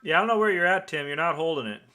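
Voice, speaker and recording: A man's voice: a little high, expressive, very fast, background noise. A man with an upstate New York accent hosting a radio net as net control, chatty and rambling with lots of fillers.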